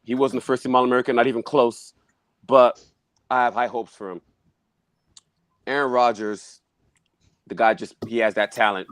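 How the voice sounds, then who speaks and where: A man's voice: mid-range voice, steady tone, moderate pace, long pauses, fairly bright tone. A man arguing football picks on a casual panel, emphatic and brash, swearing for emphasis.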